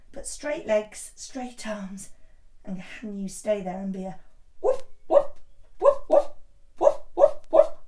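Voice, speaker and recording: A woman teaching a children's yoga class in a gentle, encouraging way. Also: medium pitch. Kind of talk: guided kids' yoga class. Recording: echoey room, voice from a distance.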